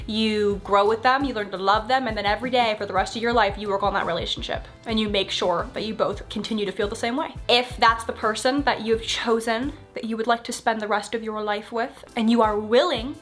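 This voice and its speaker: Young woman vlogger, candid casual chat, slightly high voice, soft music bed. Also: steady tone, fairly quick, hardly any pauses. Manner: chatty and candid, acting out quoted thoughts. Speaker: couple vlogger answering viewer questions.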